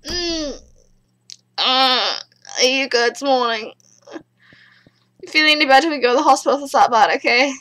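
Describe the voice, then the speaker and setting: A woman's voice: high-pitched, fast talker, long pauses, pushed and bright. A woman hosting a horror game let's play. She reads the game's dialogue aloud, swears freely, and yelps when startled.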